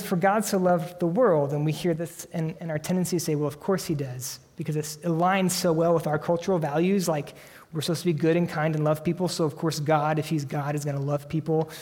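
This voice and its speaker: A pastor delivering a sermon in a somewhat high voice, his words ringing out with a long reverb as in a church sanctuary. He preaches earnestly, building to emphatic peaks before dropping to soft, hushed lines. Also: fairly even intonation, brisk.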